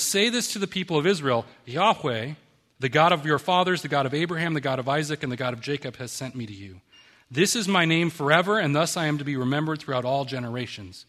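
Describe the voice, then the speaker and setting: A man's voice: fairly high pitch, sharp tone, long reverb tail. A man preaching a sermon, reading scripture aloud and then explaining it in a conversational, emphatic way. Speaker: pastor.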